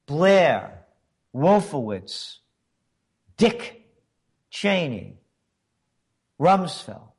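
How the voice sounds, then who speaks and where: A man's voice: mid-range voice, sing-song, extremely slow, gravelly, pauses often, slightly rough. A man hosting a commentary show, delivering a sarcastic, emphatic political monologue full of rhetorical questions.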